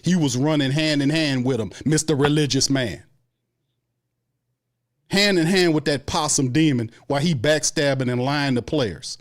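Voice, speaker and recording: A man's voice: fairly high pitch, normal speed. Angry ranting sports host, a man. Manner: angry, profane, repetitive ranting. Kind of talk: heated fan rant on a live stream.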